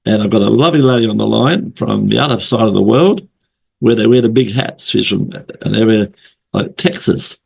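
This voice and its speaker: A man hosting a casual remote interview, hoarse from a flu, chatty and rambling, often repeating himself. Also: fairly low pitch, normal speed. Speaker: interview host. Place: at home late at night, remote call.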